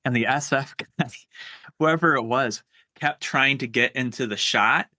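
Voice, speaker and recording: A man's voice: medium pitch, unhurried, pushed and bright, no room sound, studio quality. A man on a podcast telling a short story in casual chat, laughing often. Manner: laughs often, mimics others in anecdotes.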